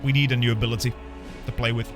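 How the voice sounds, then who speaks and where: A man's voice: mid-range voice, little pitch movement, very fast. A man streaming a game, chatting casually in a playful, rambling, self-mocking way. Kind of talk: casual gameplay commentary. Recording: game music behind.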